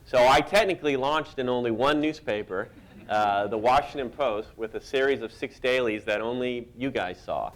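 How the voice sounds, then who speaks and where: Self-deprecating man telling animated stories. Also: medium pitch, moderate pace. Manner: self-deprecating, animated storyteller who laughs at his own tales. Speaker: cartoonist guest. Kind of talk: anecdotal storytelling in an interview.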